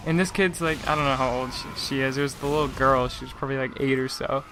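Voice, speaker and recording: A man's voice: mid-range voice, steady tone, fast, bright, forceful tone, a little hiss or hum. Rambling young guy telling a rant. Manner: rambling, lots of "like" and restarts, laughing asides. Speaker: gaming channel host. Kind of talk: casual storytelling rant.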